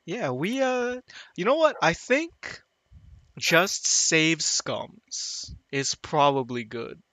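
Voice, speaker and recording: A man's voice: fairly high pitch, sing-song, slow, bright, forceful tone, dry recording. A man hosting a casual podcast on a voice call, joking and laughing with his co-hosts. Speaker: podcast host. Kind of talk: casual chat.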